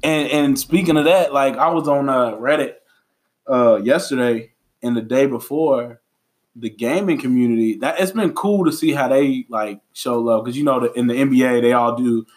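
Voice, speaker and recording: Man, podcast host, casual chat, relaxed, fillers and restarts, mid-pitched voice. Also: moderate pace.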